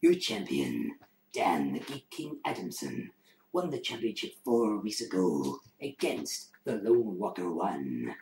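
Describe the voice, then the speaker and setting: A man doing a gravelly movie-trailer announcer. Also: deep voice, sing-song, takes it slowly, a little mellow, voice pushed down, heavily acted. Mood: grandiose. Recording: echoey room with faint noise.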